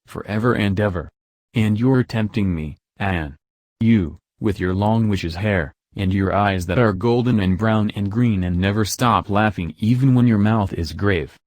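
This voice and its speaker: A man's voice: fairly low pitch, a little mellow, no echo, studio quality. A man reading the part of a brooding, hunted young man in an audiobook, with an impassioned, pleading delivery.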